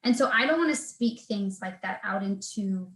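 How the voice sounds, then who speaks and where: A woman's voice: medium pitch, animated, moderate pace, fairly bright tone, roomy sound, low-quality recording. A woman in her thirties, a personal trainer talking as a guest in an earnest, faith-filled way, with plenty of fillers and restarts. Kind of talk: casual video interview chat.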